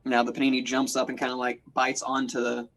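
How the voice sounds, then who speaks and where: A man's voice: medium pitch, completely flat delivery, fairly quick, fairly bright tone. A man running a tabletop game as game master, narrating in a playful, chatty way with lots of fillers.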